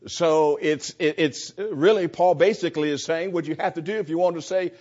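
Man, bible class teacher, earnest, unscripted lesson, slightly high pitch, lo-fi recording. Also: moderate pace, darkish tone. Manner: earnest, repeats and restarts words often.

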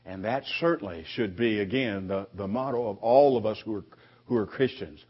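A man preaching a sermon to his congregation, conversational, with frequent restarts and lively quoted voices. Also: on the low side, moderate pace, husky. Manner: conversational preaching with repeated restarts, animated quoting. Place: church sanctuary. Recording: dull lo-fi recording.

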